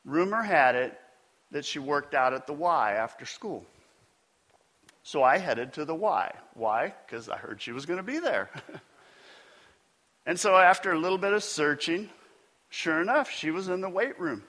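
Guy preaching, slow and bright, self-deprecating storyteller, leans in hard on the point. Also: a little high. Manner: builds to emphatic preaching. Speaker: pastor. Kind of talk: sermon.

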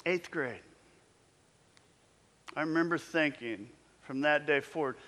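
A man in his fifties preaching with a bright, forceful voice, his speech a little higher than most men's. He tells his story in a relaxed, reflective way, and a long reverb trails each phrase, as in a church. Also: slow, long pauses. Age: 50s. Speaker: pastor. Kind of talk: storytelling sermon.

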